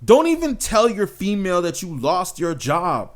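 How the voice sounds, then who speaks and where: A man's voice: high voice, wildly swooping pitch, normal speed. A man, hosting a channel and talking bluntly and emphatically, often tagging lines with "man" and "right?". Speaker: channel host. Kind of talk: casual monologue to camera.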